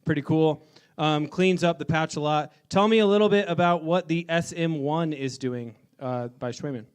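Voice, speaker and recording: A man's voice: fairly high pitch, normal speed, clear, resonant tone. Upbeat, profane man hosting a bar event. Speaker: event host. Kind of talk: casual onstage interview. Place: bar at a live music event.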